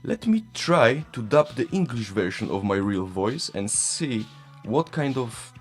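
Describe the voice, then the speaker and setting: A man's voice: medium pitch, sing-song, unhurried. A man with a Polish accent, whose first language is Polish, chatting casually about tech and often chuckling at himself. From Poland. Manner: chuckling, self-mocking. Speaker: tech vlogger. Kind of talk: casual chat. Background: faint background music.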